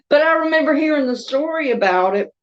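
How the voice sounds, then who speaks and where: A woman's voice: high voice, expressive, brisk, highs cut off. A woman with a Southern US accent telling a rambling, chatty story in a casual vlog, with laughs between thoughts. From American South. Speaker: crochet and doll vlogger.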